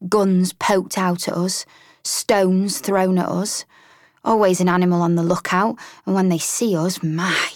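A woman's voice: fairly low pitch, no echo, clean studio sound. A woman doing a homely, earnest lady mole. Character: hungry, earnest female mole.

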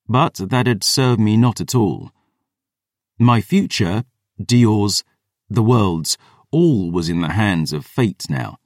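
A man narrating a dark fantasy audiobook in the first person, in a brooding, wry manner. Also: fairly low pitch, no room sound, clean studio sound.

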